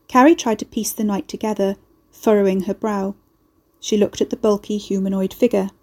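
A woman narrates a dark fantasy story in a steady, measured way. Her voice is mellow and soft, set in her middle register. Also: medium pitch. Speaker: audiobook narrator.

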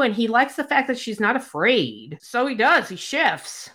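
A woman's voice: on the high side, very animated, normal speed, hardly any pauses, fairly bright tone. A woman in casual chat, retelling a romance novel and acting out the characters' lines as she goes. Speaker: book discussion co-host.

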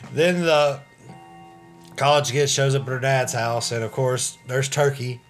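A man's voice: medium pitch, fairly even intonation, unhurried, over music. Laid-back man recapping a movie. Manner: laid-back, profane, trades lines with co-host. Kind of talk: casual movie recap chat.

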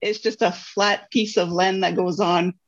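A podcast host who mostly listens and now and then jokes along with the guest, at a middling pitch. The audio is dull and lo-fi, with faint noise in the background. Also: fairly even intonation, unhurried. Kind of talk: casual interview chat.

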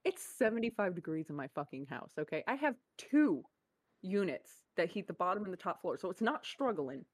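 A woman with a lowish voice talks in a blunt, joking way and swears freely. She is recorded close and dry, with no room sound. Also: big pitch swings, brisk, no room sound. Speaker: podcast co-host. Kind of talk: casual chat.

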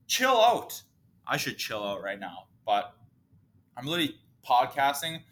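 A man's voice: mid-range voice, animated, moderate pace, a bit bright. A man hosting a casual solo podcast, ranting in a profane, emotional, fired-up way. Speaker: podcast host.

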